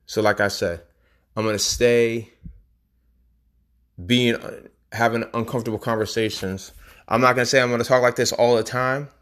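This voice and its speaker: A man's voice: mid-range voice, steady tone, moderate pace, long pauses, fairly bright tone. A man hosting a podcast, talking in a casual, rambling, emphatic monologue. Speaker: podcast host.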